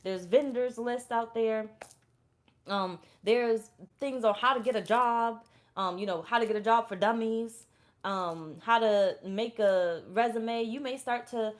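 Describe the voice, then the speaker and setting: A woman's voice: a little high, measured pace. Young adult woman tarot reader, blunt, profane, chatty and repetitive. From Florida, USA. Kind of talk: casual tarot reading with personal story.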